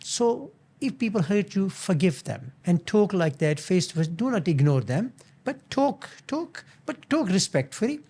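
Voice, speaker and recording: An older man hosting his own show, giving earnest, motivational business advice in a halting way, often restarting and repeating words. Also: high voice, big pitch swings, dark tone, breathy edge. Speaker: business founder and show host.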